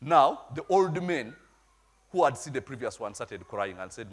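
Husky preacher with a lively voice. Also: male voice, medium pitch, moderate pace. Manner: storytelling preacher, asks the congregation "eh?". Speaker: pastor. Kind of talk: sermon.

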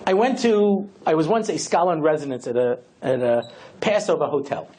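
A man's voice: a little high, expressive, a little fast, dark tone, a little hiss or hum. A middle-aged man, a rabbi giving a chatty lecture full of asides and "you know".

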